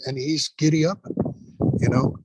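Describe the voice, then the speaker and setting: A man's voice: a little high, fairly even intonation, moderate pace, heavy background noise. A man, an instructor and guest, telling stories in a casual interview, emphatic and swearing freely.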